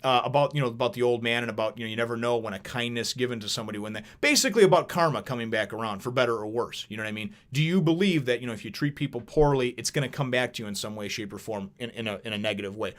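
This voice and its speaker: A man's voice: medium pitch, rapid-fire, hardly any pauses, fairly bright tone. A man casually reviewing a manga chapter in a vlog, rambling and chatty, with plenty of swearing.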